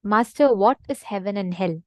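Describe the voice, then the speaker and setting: A woman's voice: mid-range voice, animated, moderate pace, no echo, pitched below the performer's own voice, lightly acted. A woman voicing a proud, hot-tempered male samurai warrior in a spoken teaching story, speaking earnestly.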